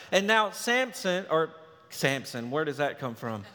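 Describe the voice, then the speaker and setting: A man preaching a sermon as pastor, telling the story in an animated, emphatic way. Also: fairly high pitch, unhurried. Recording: reverberant hall.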